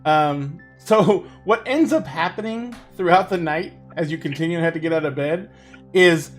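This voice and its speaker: Woman GM, lower voice, laughs through her narration, faint music behind. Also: moderate pace. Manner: laughs often while narrating. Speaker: game master. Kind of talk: narrating a tabletop game.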